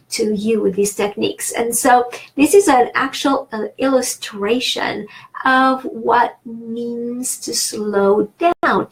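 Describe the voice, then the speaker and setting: A woman with a French accent teaching a language lesson, talking slowly and deliberately and stretching her vowels. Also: fairly high pitch, rough recording.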